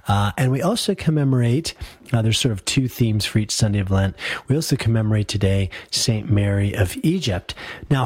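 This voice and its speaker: Man, priest, radio call-in host, hoarse, gravelly, husky, rambling with fillers, dry close studio sound. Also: mid-range voice, dry recording. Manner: relaxed, rambling, many fillers. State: hoarse, recovering from illness. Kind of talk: live call-in radio talk.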